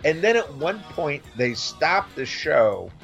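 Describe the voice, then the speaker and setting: Animated guy chatting casually, voice jumps all over, cusses a lot, faint music behind. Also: takes it slowly, creaky. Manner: animated, swearing, mimics others in a high voice. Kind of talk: casual chat.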